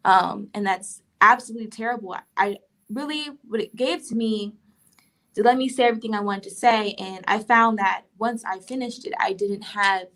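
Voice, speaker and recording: A woman's voice: medium pitch, a bit bright. Earnest, thoughtful woman author. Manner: thoughtful, earnest, many pauses with "um". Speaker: author and poet, interview guest. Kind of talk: reflective interview answers.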